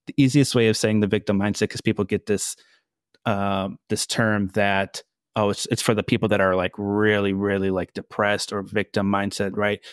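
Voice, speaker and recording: A man's voice: lowish voice, no echo, studio quality. A man as a mindset coach guest on a podcast, earnest and explanatory with frequent fillers. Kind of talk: casual interview chat.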